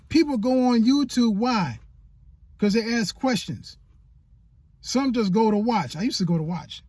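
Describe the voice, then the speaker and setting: A man's voice: sits high, darkish tone, dry recording. A man giving motivational vlog talk as a YouTube coach, preachy and repeating phrases for emphasis.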